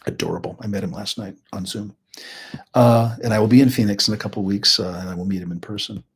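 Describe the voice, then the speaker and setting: Man, middle-aged, husky low voice, chatty live teaching talk, rambling with jokes. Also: fast. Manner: chatty, rambling, with joking asides. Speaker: host and healing practitioner.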